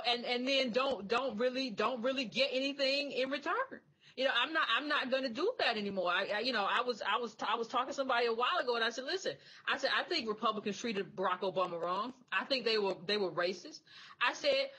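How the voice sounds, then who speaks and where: Female guest commentator, high bright husky voice, chatty with laughter. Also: expressive, quick pace, low-quality recording. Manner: chatty, laughs between points, many restarts. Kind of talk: conversational political commentary.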